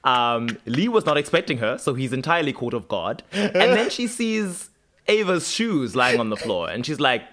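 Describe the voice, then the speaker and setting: A man's voice: medium pitch, normal speed. A man co-hosting a podcast, recapping episodes in casual chat and acting out the characters' lines. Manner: animated storytelling, acts out characters' lines. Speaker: podcast co-host.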